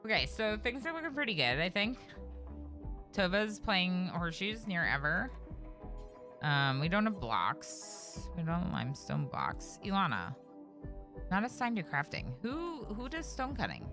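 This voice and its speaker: A woman's voice: lowish voice, very animated, unhurried, over music. A young adult woman streaming a game live, chatting with viewers and reacting aloud to the play.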